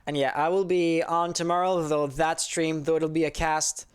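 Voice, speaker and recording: A man's voice: fairly high pitch, little pitch movement, moderate pace, clear, resonant tone. A man from Quebec whose first language is French, speaking English with a Quebec French accent. He chats casually with his stream viewers in an easygoing, rambling way as an esports caster. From Quebec, Canada. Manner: rambling and easygoing, answers chat as he reads it. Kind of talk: casual livestream chat with viewers.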